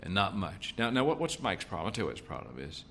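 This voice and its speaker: Low-pitched with vocal fry and a slightly bright tone, the man talks fast and very animatedly, and there's a little hiss or hum. He's a middle-aged leadership seminar speaker who favors folksy storytelling and emphatic repetition.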